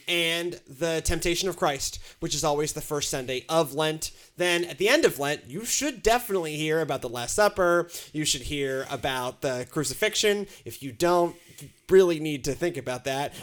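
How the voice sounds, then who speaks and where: A chatty man with a bright, forceful voice that sits a little high. He talks through scripture casually, with wry asides and plenty of ums along the way. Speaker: pastor co-host. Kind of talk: casual church discussion.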